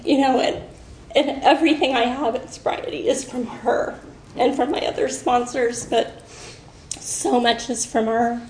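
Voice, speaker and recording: A woman's voice: on the high side, fairly even intonation, unhurried, a little mellow, slight background noise. A woman in her fifties sharing her story at a recovery meeting, rambling with many fillers and laughing through emotion. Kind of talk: personal share at a meeting. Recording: echoey room.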